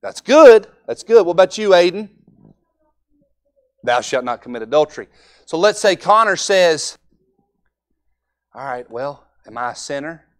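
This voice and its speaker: A man's voice: high-pitched, lively intonation, unhurried. A young man preaching a Sunday evening sermon in a folksy way, acting out altar conversations.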